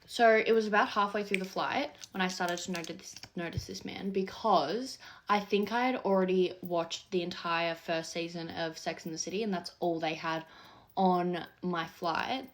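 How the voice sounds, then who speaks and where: A woman's voice: lowish voice, normal speed. A woman telling a personal story in a casual storytime vlog, chatty and full of filler "like".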